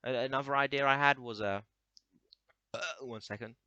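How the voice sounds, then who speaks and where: A man's voice: mid-range voice, fairly even intonation, normal speed, pushed and bright, dull audio, slight background noise. A young man rambling through a crude comedic monologue, stammering and restarting often.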